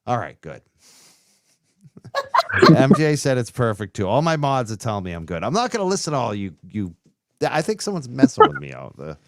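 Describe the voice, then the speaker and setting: A man's voice: medium pitch, wildly swooping pitch, moderate pace, pauses often, a little hiss or hum. Laid-back man hosting a livestream. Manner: laid-back, laughs easily. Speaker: show host. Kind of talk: casual livestream chat. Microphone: computer microphone.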